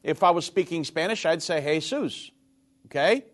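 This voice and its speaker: A man hosting a call-in radio show, explaining points slowly and repeating them. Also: a little high, a bit bright.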